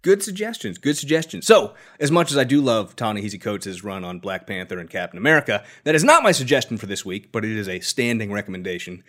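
A man's voice: lowish voice, expressive, fast, hardly any pauses, a bit bright. A man co-hosting a podcast, chatting casually in a joking, sarcastic way. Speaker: podcast co-host.

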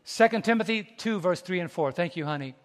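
A man preaches in a high, lively voice, throwing questions back to his congregation and laughing between homespun stories. His words ring out with the long reverb of a church sanctuary. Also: fairly quick. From United States. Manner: animated, preachy call-and-response with the congregation; laughs between stories, folksy colloquial speech. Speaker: pastor. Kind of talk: sermon.

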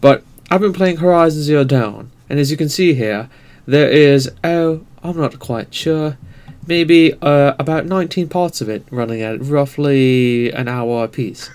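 A man co-hosting a gaming podcast, chatting in a relaxed, self-deprecating way. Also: a little high, measured pace, clear, resonant tone. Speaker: podcast co-host. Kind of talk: casual chat.

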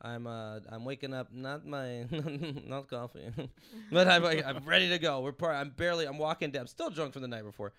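A man in his thirties from Los Angeles, a comedian hosting a podcast, telling a rambling story with animated energy and laughing as he goes. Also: mid-range voice, moderate pace, clean tone. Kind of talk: casual storytelling chat.

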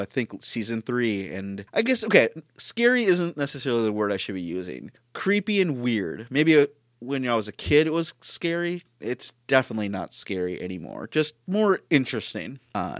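A man's voice: mid-range voice, no echo, clean studio sound. A man hosting a casual review of an old cartoon, talking in a rambling, self-correcting way and chuckling often. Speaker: host.

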